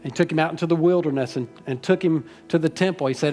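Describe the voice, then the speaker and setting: Folksy pastor preaching, raised voice. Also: male voice, on the high side, fast talker, darkish tone, soft background music. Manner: folksy, rambling, emotional, teasing the congregation. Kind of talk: sermon. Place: church sanctuary.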